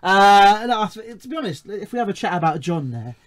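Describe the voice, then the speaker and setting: London male host, excitable, bouncy pitch, higher voice. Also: fairly quick, crowd noise. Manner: excitable, laughs a lot. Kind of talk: live fan phone-in show.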